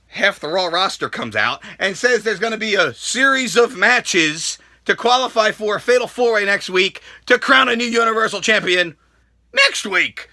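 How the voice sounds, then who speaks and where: A man ranting loudly through a wrestling recap, swearing, joking and breaking into shouts. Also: high-pitched, no room sound, clean studio sound. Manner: loud, profane, jokey ranting with sudden shouts. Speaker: wrestling vlogger.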